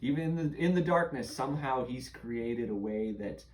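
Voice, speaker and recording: A woman's voice: very deep voice, animated, normal speed, darkish tone, echoey room. A woman running a tabletop game for a child, asking patient questions and narrating the scene. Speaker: game master.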